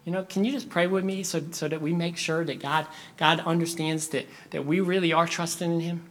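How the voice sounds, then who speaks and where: A man acting out an anxious young boy who keeps pleading with his father in a rushed, stammering voice during a sermon story. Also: a little high, level tone, a bit bright, close to an everyday voice.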